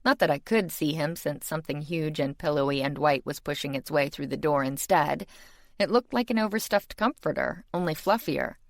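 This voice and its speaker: A woman's voice: low-pitched, normal speed, gravelly, no echo, clean studio sound. A woman narrating a first-person fantasy audiobook in a wry, exasperated tone.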